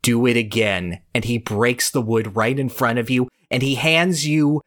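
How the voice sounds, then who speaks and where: A man's voice: medium pitch, normal speed, fairly bright tone. A man co-hosting a podcast, telling a comically dramatic, building story about a game and then discussing it casually. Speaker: podcast co-host.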